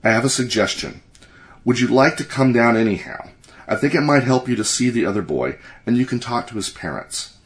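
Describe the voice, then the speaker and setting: A man reading as a calm, assured doctor. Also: medium pitch, voice pushed up, close to an everyday voice. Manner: calm, measured.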